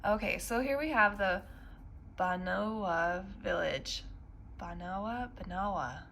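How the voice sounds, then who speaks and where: A woman's voice: mid-range voice, takes it slowly, creaky, fairly bright tone, a little hiss or hum. A woman teaching a piano lesson, explaining the music patiently with frequent ums and counting beats aloud. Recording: piano playing underneath.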